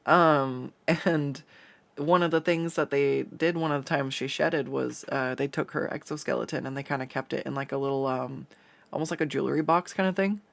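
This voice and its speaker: A man's voice: mid-range voice, fairly even intonation, moderate pace, gravelly, fairly bright tone. A man chatting casually while he draws on a stream, telling rambling stories with plenty of fillers and laughs. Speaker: artist streaming a drawing session. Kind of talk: casual chat while drawing.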